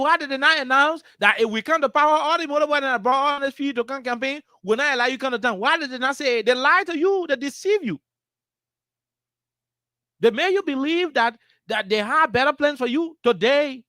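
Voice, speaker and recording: A man's voice: very high voice, brisk, sharp tone, no echo, studio quality. Impassioned Liberian man on the radio. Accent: Liberian English. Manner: impassioned, repetitive, rhetorical questions. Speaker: radio talk show host. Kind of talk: political commentary. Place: radio studio.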